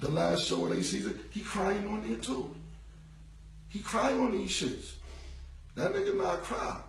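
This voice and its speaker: A man's voice: sits high, huge pitch swings, measured pace, roomy sound, recorded from a distance, a little hiss or hum, low-quality recording. A man in his forties in a casual livestream monologue, rambling and repeating himself in street slang. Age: 40s. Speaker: rapper. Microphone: phone.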